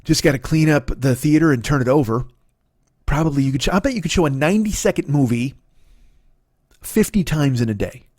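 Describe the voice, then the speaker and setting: Middle-aged comedian guy ranting alone at home, super fast, swearing a lot, going in circles. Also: fairly high pitch, expressive, a little mellow, no echo, clean studio sound. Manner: profane, rambling, argumentative. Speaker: comedian and podcast host. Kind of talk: solo comedic rant.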